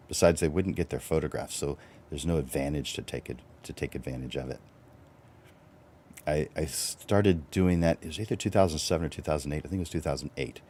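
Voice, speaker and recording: A very deep, mellow-toned middle-aged man who hosts a livestreamed coaching talk. He is animated and chuckles often, his pitch leaping upward whenever he stresses a point. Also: slight background noise. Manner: animated, chuckling, swings up for emphasis. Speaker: host and photographer.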